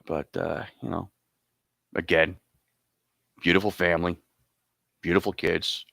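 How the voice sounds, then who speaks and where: A man's voice: sits low, flat delivery, measured pace, vocal fry, fairly bright tone, dry recording. A man hosting an awards show, rambling and joking casually between announcements. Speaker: host presenting awards.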